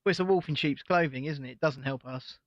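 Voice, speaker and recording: A man's voice: a little high, quick pace, dry recording, lo-fi sound. A man co-hosting an irreverent show in casual chat, blunt and opinionated, swearing freely. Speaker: co-host.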